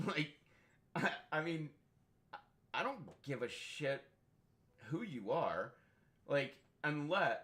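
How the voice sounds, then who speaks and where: A young man talking loosely over a game stream, middling in pitch. He rambles through anecdotes, swears constantly and breaks into laughs. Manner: profane, laughs often, animated storytelling. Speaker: gaming streamer. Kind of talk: casual rambling chat.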